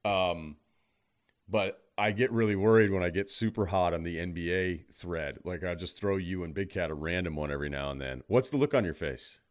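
A man's voice: deep voice, normal speed. A man talking as a podcast guest in casual sports chat, rambling and wry, with a teasing edge.

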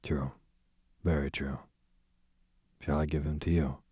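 A man's voice: very deep voice, little pitch movement, measured pace, warm tone, husky, no echo, full character voice. A man reading the part of a sardonic aristocratic duke in a bedtime audiobook, with a dry, sarcastic drawl.

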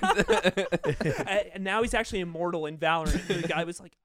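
A man co-hosting a podcast, telling stories in casual chat, animated and laughing often. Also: high-pitched, moderate pace, no room sound, clean studio sound. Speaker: podcast co-host.

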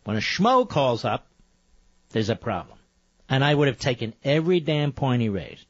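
A man's voice: mid-range voice, animated, moderate pace, dry recording. A man hosting a talk radio show and taking calls, combative, sarcastic and emphatic. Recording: dull lo-fi broadcast audio.

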